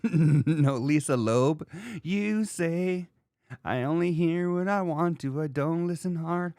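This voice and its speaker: A man hosting a podcast in casual chat, rambling and joking in an animated way. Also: a little high, takes it slowly, smooth, dry recording, studio quality. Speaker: podcast host.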